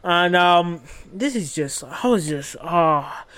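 A young man hosting a podcast, recapping a reality show in an animated, profane way full of fillers. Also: high-pitched, slow. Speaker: podcast host.

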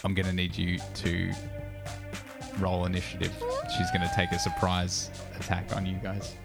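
A man's voice: sits low, huge pitch swings, moderate pace, creaky, loud music behind the voice. A young man narrating as game master, casual, with many fillers.

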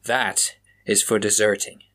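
A man's voice: lowish voice, level tone, unhurried, sharp tone. A man voicing a stern, determined male police officer in an audiobook, with a commanding, clipped delivery. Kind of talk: audiobook character voice.

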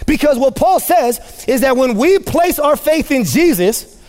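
A man preaching a sermon as pastor to his church, impassioned and rising to shouts, repeating phrases for emphasis. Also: very high-pitched, expressive, unhurried. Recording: long hall reverb.

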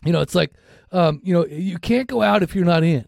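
A man's voice: sits high, brisk, vocal fry, a little mellow, no room sound, studio quality. A middle-aged man with a Minnesotan accent, co-hosting a recovery podcast in casual, blunt, heavily profane talk. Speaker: podcast co-host.

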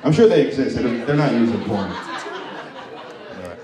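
A man's voice: mid-range voice, lively intonation, measured pace. A man doing a stand-up set with crowd work in a comedy club, crude and often laughing at his own jokes. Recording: echoey room, mic from distance.

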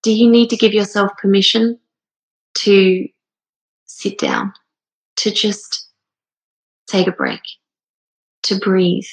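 Emotional woman with vocal fry. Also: medium pitch, fairly even intonation, slow pace, long pauses, low-quality recording. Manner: earnest, rambling, with many fillers. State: emotional, near tears. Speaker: speaker sharing a personal story. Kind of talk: casual heartfelt monologue.

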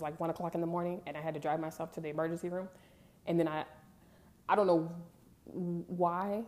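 A young woman vlogger tells her viewers a personal story to camera, candid, emphatic and conversational. Her voice sits on the low side with a darkish tone.

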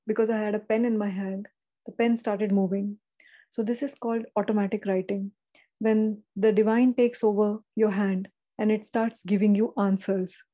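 A woman giving a reflective spiritual talk on a call, speaking calmly with gentle emphasis. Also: medium pitch. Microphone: call recording.

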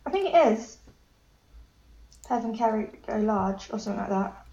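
A woman's voice: mid-range voice, expressive, normal speed, warm tone, muffled recording, slight background noise. Giggly teenage English woman podcaster. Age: late teens. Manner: giggly, self-deprecating, lots of laughter. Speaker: podcast co-host. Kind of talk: casual chat.

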